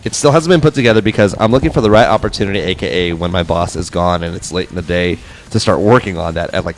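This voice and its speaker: A man hosting a studio interview live stream, upbeat and chatty, reading out viewer comments. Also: sits low. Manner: upbeat, reads chat comments aloud. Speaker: host.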